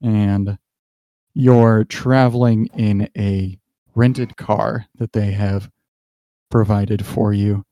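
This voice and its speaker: Low mellow guy running a tabletop game, kinda halting, dry close sound. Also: dry recording. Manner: relaxed, halting scene-setting with fillers. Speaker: game master.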